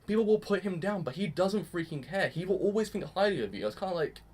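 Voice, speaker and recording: This young man's high voice sounds slightly rough as he rattles off a fast, casual reaction to an anime episode. He's excitable and gushing, with a bit of mild swearing mixed in.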